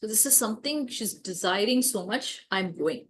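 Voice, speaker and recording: A noble prince, calm and commanding, as a woman storyteller speaks for him. The voice stays near the teller's own, at a middle pitch. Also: normal speed, a little hiss or hum, lightly acted. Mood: resolute. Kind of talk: storytelling to children.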